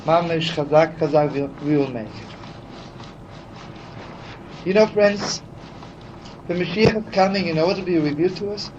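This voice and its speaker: A man preaching in a heartfelt, chatty storytelling voice, turning often to his listeners with "you know." His voice sits a little high for a man. The recording is dull and archival, with a faint hiss underneath. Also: normal speed, long pauses. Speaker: rabbi teaching. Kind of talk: storytelling sermon.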